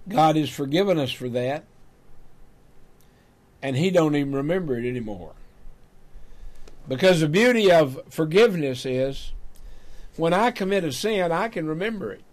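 An older man, hosting a talk show and telling a folksy personal story, growing animated when he quotes himself. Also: fairly high pitch. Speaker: radio talk show host. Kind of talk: storytelling monologue.

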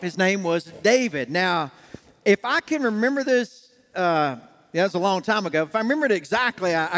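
High-voiced pastor in an echoing church. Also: male voice, fairly bright tone. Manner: folksy storytelling, acts out quoted dialogue. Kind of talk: sermon. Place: church sanctuary. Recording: long church hall reverb.

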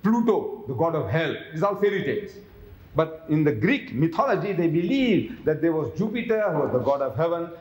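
Male lecturer, slightly high voice, roomy hall sound, rhetorical questioning style. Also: big pitch swings, a little fast, darkish tone. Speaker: religious lecturer. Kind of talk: public lecture.

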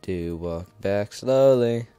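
A man's voice: lowish voice, takes it slowly, dark tone, clear, resonant tone, soft background music. A young man streaming a game, rambling goofily, humming and singing to himself. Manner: rambling, goofy, hums and sings to himself. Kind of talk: casual gameplay commentary.

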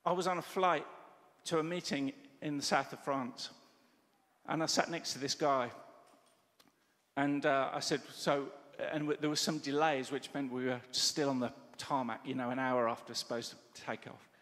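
A middle-aged man preaching a sermon, telling stories with lively quoted dialogue. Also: mid-range voice, moderate pace. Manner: animated storytelling with quoted dialogue. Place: church hall. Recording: church hall reverb.

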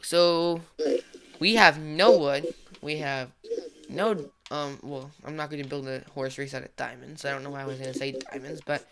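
A man's voice: on the high side, fairly even intonation, moderate pace, crowd noise. A boy gamer chatting casually during a let's-play, taking charge of the plans. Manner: bossy, decisive planner. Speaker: gamer host.

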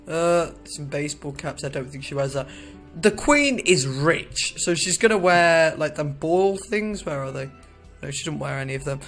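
A man talks through a video game in a loose, rambling way, cracking jokes and breaking off his own sentences. His voice sits a little high for a man, with faint music in the background. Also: fairly bright tone. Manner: rambling, jokey, self-interrupting. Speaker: gaming video creator. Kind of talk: casual gameplay commentary.

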